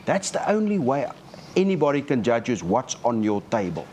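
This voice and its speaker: A man's voice: medium pitch, a little fast, a little hiss or hum. A man moderating a live panel discussion and giving advice to young people. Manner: animated, lecturing advice.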